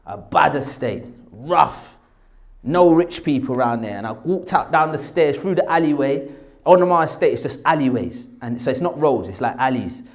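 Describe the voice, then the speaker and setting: A man telling a lively personal story, acting out the voices of the people in it. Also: mid-range voice, moderate pace. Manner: animated, acts out quoted voices. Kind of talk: casual anecdote.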